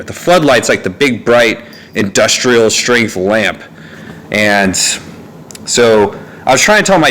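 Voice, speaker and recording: A man's voice: mid-range voice, a bit bright. Young guy rambling to his phone at home, loses the thread, um and uh everywhere. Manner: meandering, with frequent fillers and asides. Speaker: vlogger. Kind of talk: rambling casual monologue to camera. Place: family home, indoors. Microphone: phone on a neck holder.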